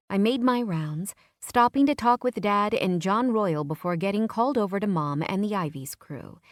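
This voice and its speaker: A woman reading a romance audiobook in the first person, her mid-pitched voice even and close. The sound is dry and right at the mic, with an intimate storytelling feel. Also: no room sound. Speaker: audiobook narrator.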